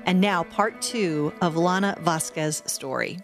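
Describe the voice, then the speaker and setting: A woman host reading smooth scripted narration and introducing a sponsor. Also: on the low side, unhurried. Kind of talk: scripted show narration and interviewing. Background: music bed.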